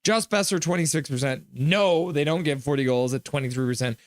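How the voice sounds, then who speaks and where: A man's voice: a little high, fairly quick, no room sound. A man hosting a casual live hockey stream, chatting and reading viewer comments aloud in a jokey, friendly way. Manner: chatty, jokey, reads chat aloud and thanks donors.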